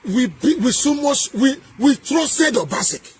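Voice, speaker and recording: A man with a Nigerian accent delivering a heated political rant, emphatic and repetitive, with sing-song rises and shouted bursts. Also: very high voice, lively intonation, unhurried, slight background noise. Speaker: political commentator.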